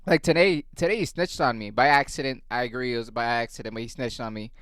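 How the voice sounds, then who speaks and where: A man rambling through a casual comic monologue, wry and heavy on profanity. His voice is smooth and resonant. It sounds dry and close to the mic. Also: medium pitch, fast talker, fairly bright tone, no echo. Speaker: comedian and podcast host.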